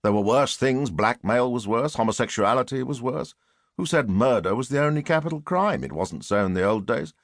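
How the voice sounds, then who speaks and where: A man's voice: medium pitch, expressive, moderate pace, dry recording, clean studio sound, lightly acted. A man voicing a brooding, self-pitying middle-aged murderer in a musing inner monologue from an audiobook.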